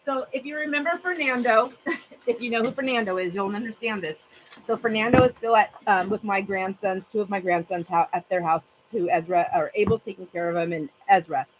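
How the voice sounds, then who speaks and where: A woman's voice: medium pitch, fairly quick, a little hiss or hum, low-quality recording. A woman in her fifties hosting a craft channel, chatting casually with her livestream viewers in a rambling way and laughing often.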